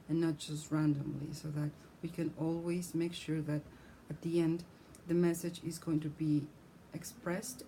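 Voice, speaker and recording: A woman teaching a scripted lesson on intonation, explaining clearly and speaking example sentences aloud. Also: low voice, mellow, a little hiss or hum, rough recording.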